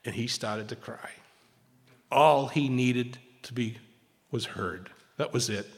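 A man's voice: medium pitch, takes it slowly. Man telling a recovery story in a hall. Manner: animated storyteller, dropping to a hushed voice for quotes; frequent restarts and repeated words. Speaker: recovery meeting speaker. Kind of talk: personal recovery story told to a meeting. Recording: long hall reverb.

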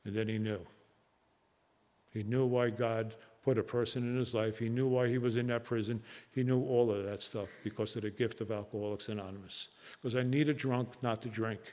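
A man's voice: medium pitch, fairly even intonation, darkish tone. Earnest man telling a recovery story. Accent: New Jersey. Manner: earnest, halting with many fillers. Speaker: recovery meeting speaker. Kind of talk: personal storytelling talk. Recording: long hall reverb.

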